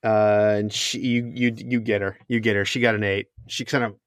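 A man's voice: fairly low pitch, flat delivery, moderate pace, no room sound, clean studio sound. A man running a tabletop game as game master, narrating scenes in a descriptive, easygoing way and laughing often.

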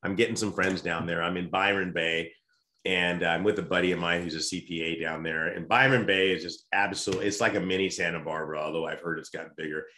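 A low-pitched man tells an animated personal story, stumbling and restarting as he goes. The room around him rings with echo. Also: brisk, a little hiss or hum. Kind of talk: casual storytelling chat. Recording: roomy echo.

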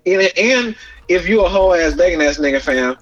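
Animated, profane man riffing in casual chat. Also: high-pitched, moderate pace, lo-fi sound. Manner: animated, profane, preachy riffing with mock quotes. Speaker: podcast co-host.

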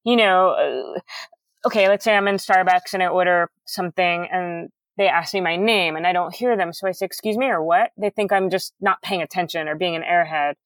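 A middle-aged woman speaks candidly as a guest in a casual interview, her voice loud and booming, her enunciation careful. She talks fairly quickly, and there's no room sound.

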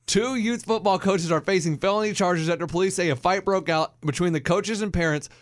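A man co-hosting a casual talk show, relaxed and rambling as he tells anecdotes. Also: high voice, a little fast. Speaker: co-host. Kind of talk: casual radio chat.

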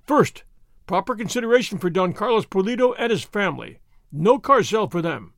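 A man voicing the proud leader of young noble horsemen, speaking sternly and forcefully. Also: sits high, expressive, fairly quick, creaky, no room sound, studio quality.

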